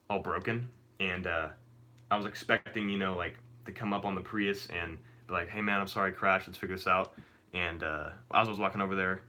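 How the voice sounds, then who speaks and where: Młody mężczyzna, niski, jasny głos. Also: male voice, sits low. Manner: rambling, animated retelling with many fillers. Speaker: streamer. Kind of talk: casual storytelling on a live stream.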